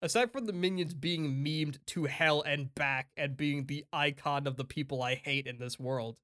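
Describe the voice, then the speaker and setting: A man co-hosting a casual chat, animated and opinionated, laughing often and swearing freely. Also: a little high, moderate pace. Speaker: podcast co-host.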